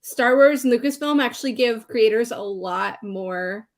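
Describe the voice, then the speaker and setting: A woman with a fairly high voice co-hosts a casual livestream, talking with emphatic enthusiasm. She leans on her words and swears when excited. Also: normal speed. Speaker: co-host.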